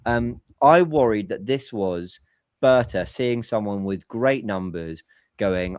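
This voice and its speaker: A man's voice: lowish voice, slow, darkish tone, smooth, no echo, clean studio sound. Man breaking down football tactics. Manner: analytical, explains tactics at length. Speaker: podcast host. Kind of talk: casual football podcast chat.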